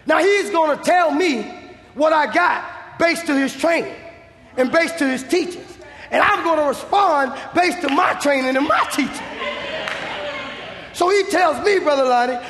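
Male preacher, very high and gravelly, shouting sermon, echoey church hall. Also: moderate pace, slight background noise. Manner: shouting, emphatic, acts out dialogue. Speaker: evangelist preacher.

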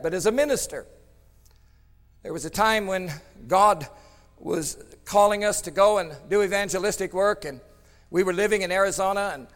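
High-voiced preacher man in a reverberant church. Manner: emphatic, swings between loud outbursts and hushed tones. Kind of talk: storytelling sermon.

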